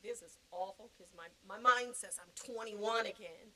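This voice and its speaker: A woman's voice: medium pitch, moderate pace, pushed and bright, poor audio. Chatty laughing woman in her fifties. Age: 50s. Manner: chatty, emotional, laughs often, rambling asides. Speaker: podcast guest. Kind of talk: casual interview chat.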